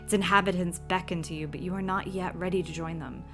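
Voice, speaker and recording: A woman's voice: on the low side, steady tone, fast talker, faint music behind. A woman playing through an old horror computer game, reading its text aloud with dramatic flair and dropping wry asides. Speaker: game streamer.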